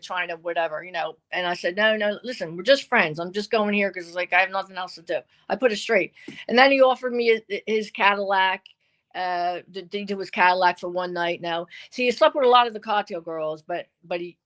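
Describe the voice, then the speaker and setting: A woman's voice: mid-range voice, fairly bright tone. An older woman tells a long dating story in a chatty, casual way. She acts out the voices of the people she quotes, lifting and dropping her voice as she goes. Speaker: guest.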